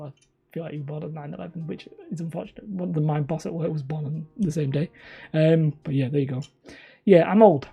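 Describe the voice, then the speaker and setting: A man chats loosely with his live-stream audience. His voice is husky and mellow, and he rambles and pokes fun at himself. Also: a little high. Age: 30s. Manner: rambling, self-mocking, chuckling. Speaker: hobby terrain channel host. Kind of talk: casual live-stream chat with viewers.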